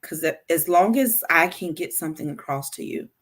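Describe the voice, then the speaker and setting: A woman hosting a casual talk on healthy communication, speaking straight to her listeners, animated and stumbling into frequent restarts and repeated words. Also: lowish voice, normal speed. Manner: addresses listeners directly. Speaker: podcast host.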